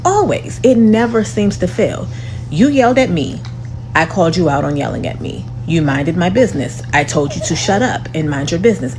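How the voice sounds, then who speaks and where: A woman telling a dramatic airport story to her viewers in a sassy, lively way. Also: lowish voice, moderate pace. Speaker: storytelling vlogger. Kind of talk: animated storytime. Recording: humming background noise.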